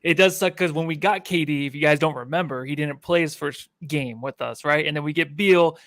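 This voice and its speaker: A man co-hosting a casual sports podcast, talking in a relaxed, conversational way. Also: on the high side, fairly quick, no room sound. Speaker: podcast co-host.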